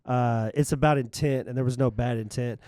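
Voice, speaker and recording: Podcast co-host, man, blunt and energetic, rambles; smooth voice, mid pitch. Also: fairly quick, no echo, clean studio sound. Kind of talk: casual podcast chat.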